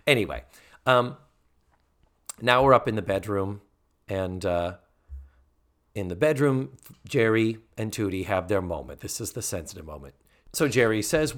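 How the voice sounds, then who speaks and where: A man's voice: fairly low pitch, lively intonation, normal speed, pauses often. A man casually recapping a sitcom episode as a podcast co-host, chatty and acting out quotes. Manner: chatty, acts out quotes, many fillers.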